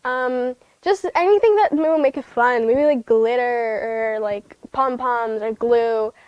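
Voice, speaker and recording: Woman, children's Bible teacher on a livestream; chatty and rambling, with constant fillers and restarts; high voice, dull lo-fi sound. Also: slow pace, darkish tone, no room sound. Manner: chatty, rambling, many fillers and self-corrections. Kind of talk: casual livestreamed Bible lesson.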